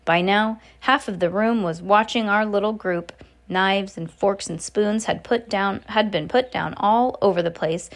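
A woman reading a children's novel aloud in a casual, unpolished way. She trips over words, corrects herself and drops little asides between the narration. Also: medium pitch. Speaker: reader.

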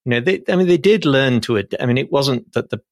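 A man who joins a history podcast as a guest historian and talks in a measured way, qualifying his points. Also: medium pitch, lively intonation, dry recording, clean studio sound. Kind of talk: casual history chat.

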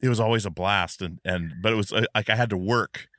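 A man's voice: on the low side, brisk, a bit bright, dry recording, clean studio sound. A man hosting a casual podcast interview, rambling with many fillers and restarts. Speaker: podcast host.

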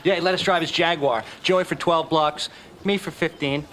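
A man's voice: fairly high pitch, fairly even intonation, moderate pace, fairly bright tone, soft background music, natural voice. A man playing an impressed sitcom buddy. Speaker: sitcom character. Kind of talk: sitcom acting.

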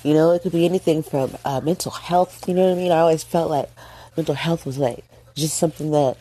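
A middle-aged woman from the United States, hosting a casual monologue, speaking emotionally and haltingly with many fillers and restarts, tearful. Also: sits low, steady tone, dark tone. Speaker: host. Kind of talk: casual monologue on current events.

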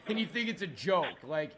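A man on a prank call, ranting furiously, swearing and shouting at the person on the line. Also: on the high side, big pitch swings, a little slow, a little hiss or hum. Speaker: prank caller.

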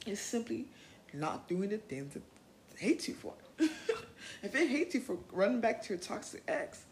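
A young woman hosting a self-help podcast, talking in an earnest, animated way, laughing often and swearing casually. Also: medium pitch, reverberant, a little hiss or hum, rough recording. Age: young adult. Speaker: podcast host.

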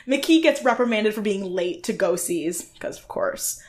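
A woman co-hosting a podcast in a loose, casual chat. She talks fast and freely, drops the odd swear word, and slips into little voices when she quotes people. Her pitch sits in a middle range. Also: expressive. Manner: chatty, swears, acts out quotes with laughs. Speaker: podcast co-host. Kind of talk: casual chat recapping a reality show.

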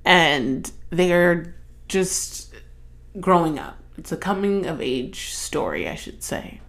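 A young woman talks through her own podcast in a loose, unhurried way, with a low, gravelly voice. She swears freely and swings her pitch widely, jumping way up when she acts out a moment. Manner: expressive, swears, dramatic pitch jumps when acting out stories. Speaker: podcast host. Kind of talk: casual solo chat.

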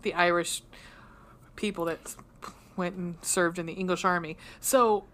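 A woman's voice: lowish voice, fairly even intonation, moderate pace, fairly bright tone. A woman co-hosting a book podcast in casual, teasing chat, laughing often. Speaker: podcast co-host.

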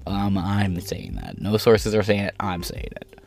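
This Canadian man hosts a podcast and offers ranting commentary that's profane, blunt and heated, with lots of cursing. His voice is fairly low, gravelly and darkish in tone, at a measured pace.

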